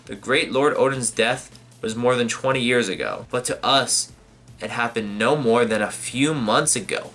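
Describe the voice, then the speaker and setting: Bright-voiced man reacting casually. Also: medium pitch, animated, normal speed, soft background music. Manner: thinks aloud while reading, swears, many fillers. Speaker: manga reaction channel host. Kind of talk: casual live reading and reaction.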